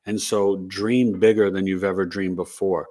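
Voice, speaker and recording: A man's voice: deep voice, little pitch movement, moderate pace, mellow. A man co-hosting a casual live stream, speaking earnestly and encouragingly as an astrologer. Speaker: astrologer and podcast co-host.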